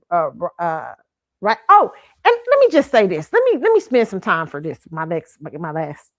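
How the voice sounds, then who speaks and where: Blunt, profane woman hosting a chat stream. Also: fairly low pitch. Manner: blunt and profane, laughs often, keeps asking "okay?". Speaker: show host. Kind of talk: casual pop-culture commentary stream. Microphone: streaming setup mic.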